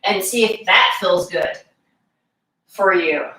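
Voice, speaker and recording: A woman fitness instructor leading a live exercise class, calmly giving cues and counting reps aloud. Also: medium pitch, takes it slowly. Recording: echoey room, voice from far off.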